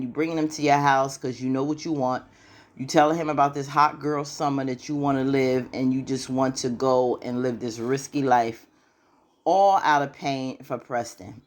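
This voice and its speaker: Recapping a TV episode casually, this woman sounds like she's trading gossip with a pal, loose and slangy and full of "you know." Her rumbling low voice stays lively as she narrates, repeatedly dropping into small impressions of the characters.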